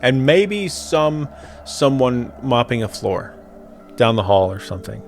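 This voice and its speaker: A man's voice: medium pitch, big pitch swings, unhurried, soft background music. A young adult man in casual chat, telling a ghost story with swearing and laughter.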